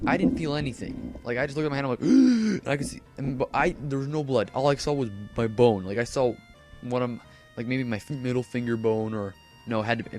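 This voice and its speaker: A teenage boy casually telling a rambling story over gameplay commentary, full of fillers and self-corrections. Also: mid-range voice. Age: teens. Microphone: desk microphone.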